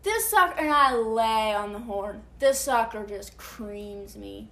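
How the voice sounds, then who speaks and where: Animated high-voiced woman telling a story. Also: slow, roomy sound. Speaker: podcast co-host. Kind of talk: casual chat, storytelling.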